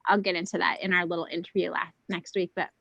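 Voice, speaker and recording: Woman, casual chat, rambling, many fillers, soft-spoken, dry close sound. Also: fairly low pitch, little pitch movement, fast, creaky, dry recording, lo-fi sound. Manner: speaks softly to keep her voice down. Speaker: guest on a spiritual round table.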